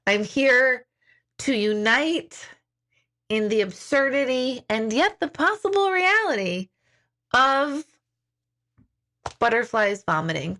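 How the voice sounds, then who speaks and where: Giggly woman host, somewhat high voice, casual self-mocking live-stream chat with viewers. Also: fairly bright tone. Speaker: intuitive reader hosting a live stream.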